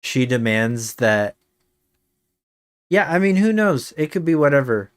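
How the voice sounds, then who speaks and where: A man's voice: medium pitch, sing-song, measured pace, clear, resonant tone, no echo. A male game streamer chatting casually on a live stream, rambling with many fillers and slipping in dry jokes.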